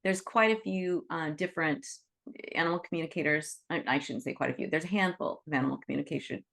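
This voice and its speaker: Female teacher, low gravelly voice, earnest and reassuring, on a video call. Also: fast talker, fairly bright tone. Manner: earnest, reassuring, frequent "right?" and "you know". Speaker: Reiki teacher leading an online group. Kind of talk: teaching talk to an online group.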